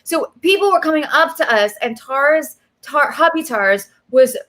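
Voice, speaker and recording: A woman in her thirties, a guest in a casual video chat, telling stories in an animated way with lots of fillers and laughs. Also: high voice, a little slow.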